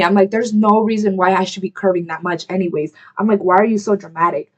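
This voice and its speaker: Her mid-range voice stays fairly even in intonation as this young vlogger tells a story while getting ready at home. The telling rambles, is heavy on "like," and keeps getting interrupted by her own apologies and chatty remarks to the camera.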